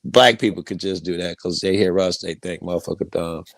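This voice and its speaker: A man's voice: low-pitched, brisk, creaky, no echo. A man from Chicago telling stories in a casual, profane panel chat. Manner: profane, animated storytelling.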